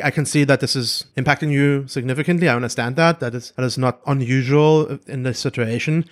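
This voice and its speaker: A man co-hosting a podcast, talking casually and earnestly as he gives advice, with small restarts. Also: mid-range voice. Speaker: podcast co-host.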